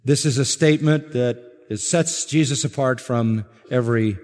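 A man preaching a sermon to a congregation, measured and emphatic, stressing words slowly. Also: medium pitch, darkish tone, in a large hall. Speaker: pastor.

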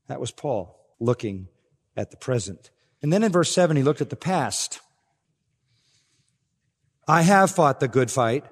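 A man's voice: medium pitch, animated, a little slow, pauses often. Older preacher man in a reverberant hall. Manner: expository preaching, swells with emphasis. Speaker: pastor. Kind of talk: sermon. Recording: long reverb of a large hall.

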